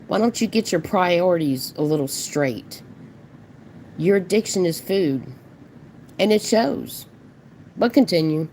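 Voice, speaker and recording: Slow, dark-voiced mocking woman streamer. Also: fairly low pitch, animated, slight background noise. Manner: mocking and profane, talks back at a clip. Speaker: commentary streamer host. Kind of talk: live reaction commentary to chat.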